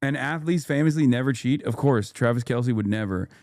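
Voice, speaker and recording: A man in his thirties doing live stream reaction commentary, sarcastic and deadpan, laughing often. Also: medium pitch, brisk, no echo, studio quality.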